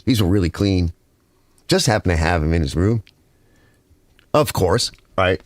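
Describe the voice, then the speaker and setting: A man's voice: low voice, unhurried, no echo. A man with a Northern US accent hosting a casual garage livestream, rambling and reading viewer comments aloud.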